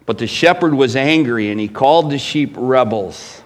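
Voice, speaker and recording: A middle-aged man preaching a sermon as pastor, emphatic, swinging between loud bursts and hushed lines. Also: mid-range voice, moderate pace.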